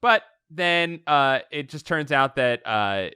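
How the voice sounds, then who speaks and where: Animated bright-voiced man recapping a story. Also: on the high side, slow pace, smooth, dry recording, clean studio sound. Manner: animated, laughs often while recapping. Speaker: podcast co-host. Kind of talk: casual chat.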